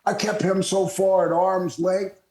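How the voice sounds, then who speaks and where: Older guy from florida spinning wrestling yarns, kinda high voice, roomy sound. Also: measured pace. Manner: lively storyteller, laughs often. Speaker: guest, retired wrestler. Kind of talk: storytelling interview. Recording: roomy echo.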